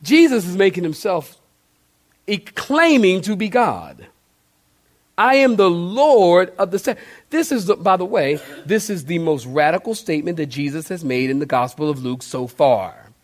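A male pastor preaching a sermon, animated, putting questions straight to the congregation. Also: on the high side, normal speed. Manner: shouted cartoonish outbursts for emphasis.

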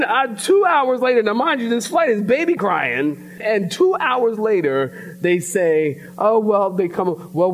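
A pastor from the preaching a sermon in church, telling a story in a lively way and calling out to his congregation. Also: a little high, a little hiss or hum. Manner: storytelling preacher, animated, addresses congregation directly. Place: church sanctuary.

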